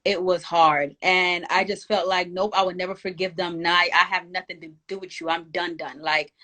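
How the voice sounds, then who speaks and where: A woman's voice: on the low side, steady tone, moderate pace, pushed and bright. Emphatic woman, rousing encouragement. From Jamaica. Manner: emphatic, encouraging, preacher-like exhortation. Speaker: guest, author. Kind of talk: inspirational conversation.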